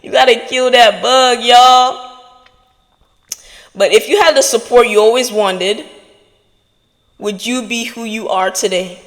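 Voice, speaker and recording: A woman's voice: a little high, steady tone, a little slow, long pauses, in a large hall. A woman hosting a podcast, giving an earnest motivational talk straight to her listeners. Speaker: podcast host.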